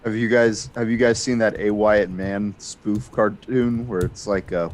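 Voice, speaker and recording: A man chatting casually as a livestream guest, putting in quiet, dry remarks. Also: lowish voice, fairly even intonation, a little slow, few pauses, slight background noise.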